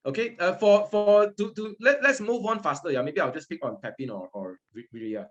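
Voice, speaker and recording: Male Dharma teacher, conversational, checks in with class. Lively, slightly high. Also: a little fast, dull audio. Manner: conversational, checks in with listeners often. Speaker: Buddhist teacher.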